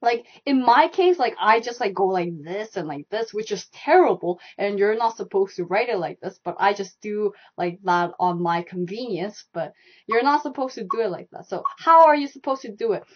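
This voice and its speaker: A woman's voice: medium pitch, expressive, moderate pace. A young woman teaching a live online Korean lesson, repeating stroke directions and sounds over and over as she demonstrates. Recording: dull lo-fi live stream audio.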